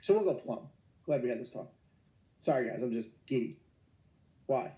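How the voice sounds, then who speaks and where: Energetic joking male teacher on a tinny call. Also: medium pitch, moderate pace. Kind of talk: online lecture. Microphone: computer mic. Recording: echoey, tinny phone-like online call.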